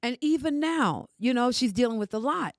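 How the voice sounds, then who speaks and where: A woman's voice: fairly high pitch, expressive, moderate pace, no room sound. Emphatic older woman storyteller. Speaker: podcast guest. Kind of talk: emotional casual conversation.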